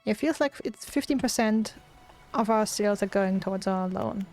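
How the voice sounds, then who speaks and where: A woman's voice: mid-range voice, normal speed, darkish tone, soft background music. A woman playing a game and thinking aloud in casual let's-play commentary. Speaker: gaming streamer.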